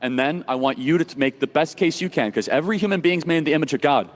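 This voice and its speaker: Man moderator, quick direct delivery, reverberant venue. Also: on the high side, expressive. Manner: direct, brisk, steering. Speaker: debate moderator. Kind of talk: moderating a live debate.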